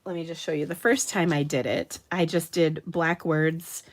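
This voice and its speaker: A woman's voice: low voice, steady tone, moderate pace. Chatty, upbeat woman crafter. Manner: chatty, upbeat, laughs often. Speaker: card-making tutorial host. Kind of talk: live craft demonstration.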